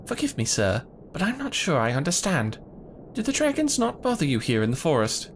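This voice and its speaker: A man's voice: on the high side, huge pitch swings, brisk, a little hiss or hum. A man voicing a formal, polished young male scholar in a game cutscene. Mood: earnest.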